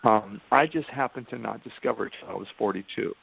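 Gravelly older man on a phone line. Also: lowish voice. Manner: emphatic, slows down for key points. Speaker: guest. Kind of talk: podcast interview storytelling. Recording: tinny phone-line sound.

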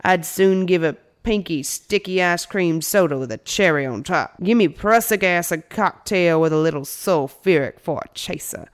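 A woman voicing a belligerent giant quarryman in a tall tale, loud and drawling. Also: lowish voice, moderate pace, hardly any pauses, lightly acted. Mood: boastful. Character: belligerent giant male quarryman, gruff braggart.

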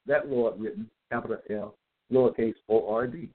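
Man lecturing on scripture, phone-thin sound. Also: lowish voice. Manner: deliberate, checks in with "okay?"; spells out capitals, hesitant fillers. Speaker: self-styled religious teacher. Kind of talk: scripture-citing monologue. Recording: tinny phone-like audio.

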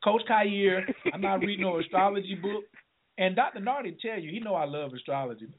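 A high-voiced man hosts a call-in radio show, excitable and preachy, whooping and laughing as he talks. His voice comes through a tinny phone line. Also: brisk, crowd noise. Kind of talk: lively call-in radio talk.

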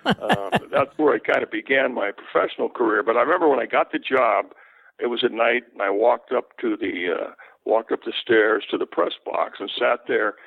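A man's voice: mid-range voice, creaky, dry recording. Older man telling stories over the phone. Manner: relaxed anecdotal storytelling. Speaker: guest, sports broadcaster. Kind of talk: casual interview, storytelling. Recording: tinny phone line, dry.

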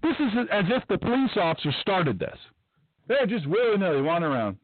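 A man hosts a talk radio monologue in a somewhat high voice, pressing his points with emphasis and circling back to repeat them. The sound is thin and phone-like, with a dry, close quality and no room around it. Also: sing-song, brisk, dry recording. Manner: emphatic, rambling, repeats himself. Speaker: podcast host.

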